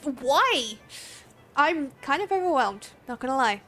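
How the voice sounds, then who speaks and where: A young woman from Australia streaming a game, chatting casually with viewers, excitable, laughing often and swearing freely. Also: high voice, a little slow, soft background music. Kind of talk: casual live-stream chat.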